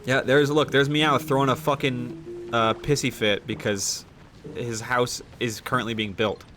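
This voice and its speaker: A man's voice: medium pitch, fairly even intonation, a little slow, a bit bright, soft background music. Joking, swearing man streaming a game. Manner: rambling, joking, swears often. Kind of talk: casual live-stream gaming chat. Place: home desk.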